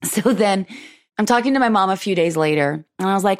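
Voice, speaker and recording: A woman hosting a podcast, telling a personal story in a lively way and acting out what people said. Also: fast. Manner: animated, acts out quoted dialogue with big pitch jumps. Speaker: podcast host.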